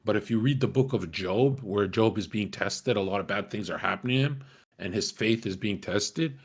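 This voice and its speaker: A man's voice: fairly low pitch, normal speed, husky. Casual swearing man telling stories. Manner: casual, swearing, laughing often. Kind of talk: candid personal storytelling.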